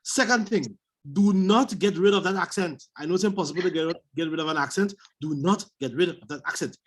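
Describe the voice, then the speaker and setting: A man's voice: high voice, a little fast, husky. A man on a video call giving emphatic coaching feedback on a speech, repeating his points. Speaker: speech evaluator.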